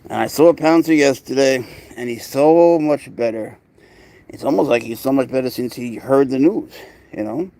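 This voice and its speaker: A man's voice: medium pitch, moderate pace, mellow. A man with a New York accent chatting casually on a live stream, rambling to viewers and cooing baby talk to his cats. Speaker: pet owner livestreaming.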